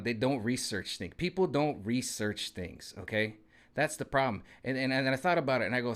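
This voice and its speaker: A man in his forties talking casually to camera in a rambling, conversational way, often checking in with his viewers. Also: medium pitch. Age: 40s. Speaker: vlogger.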